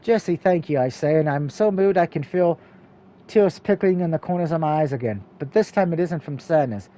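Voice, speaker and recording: A man's voice: a little high, fairly quick, warm tone. A man reading a story game aloud, stumbling and correcting himself now and then. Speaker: let's play reader.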